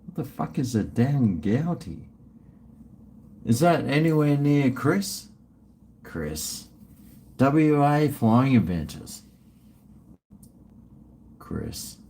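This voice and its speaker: A middle-aged man drawls slowly through a casual livestream, mumbling and drifting off mid-thought. He swears freely and sips drinks between super chats, with faint noise in the background. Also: medium pitch, lively intonation, warm tone. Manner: rambling, mumbling, trails off, swears often. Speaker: livestream host.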